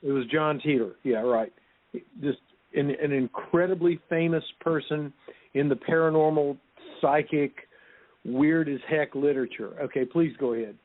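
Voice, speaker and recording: A man's voice: fairly high pitch, moderate pace, no room sound. A male podcast host who cuts in eagerly during a casual interview to ask about a name. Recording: tinny phone-like audio.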